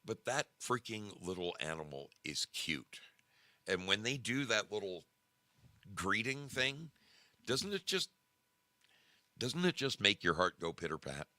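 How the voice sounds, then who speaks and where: A man hosting a casual livestream, animated and emphatic, often repeating himself. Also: lowish voice, a little slow, dry recording. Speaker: show host.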